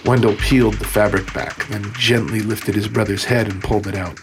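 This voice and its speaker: A man narrating an audiobook in a steady, measured way. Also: fairly low pitch, over music. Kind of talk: scripted narration.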